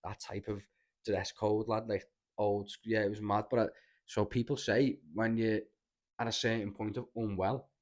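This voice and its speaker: A man's voice: fairly low pitch, flat delivery, normal speed, darkish tone. A young man with a Scouse accent, telling rambling, sweary stories with lots of restarts in a casual podcast chat. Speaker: podcast host.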